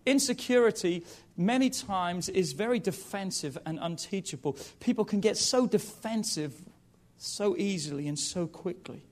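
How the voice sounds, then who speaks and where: A man in his thirties preaching a sermon, lively and joking with the congregation between points. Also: high-pitched, normal speed. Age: 30s. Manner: lively, jokey asides to the congregation.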